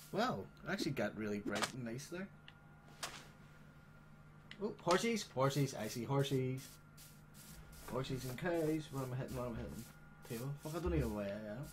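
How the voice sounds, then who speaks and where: Excitable sweary gamer man. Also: mid-range voice, brisk, pauses often, a little hiss or hum. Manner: excitable, sweary, chatty, teasing the animals. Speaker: gaming channel host. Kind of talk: casual gameplay commentary.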